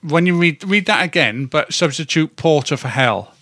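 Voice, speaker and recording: Podcast co-host, man in his fifties, bright tone, rambling and swearing casually, dry close recording. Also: fairly high pitch, expressive, normal speed, no room sound. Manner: rambling, stumbles over words, swears casually. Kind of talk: casual chat.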